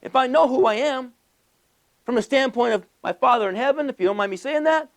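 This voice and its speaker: A man giving a passionate motivational business speech to a live audience, emphatic and full of rhetorical questions and rapid-fire lists. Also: extremely high pitch. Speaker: motivational speaker.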